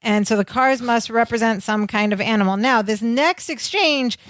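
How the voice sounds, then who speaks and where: Lively woman co-hosting a podcast. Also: on the high side, moderate pace, no echo. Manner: animated storytelling, acts out the characters' lines; laughs often while talking. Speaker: podcast co-host. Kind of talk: casual chat recapping a sitcom episode.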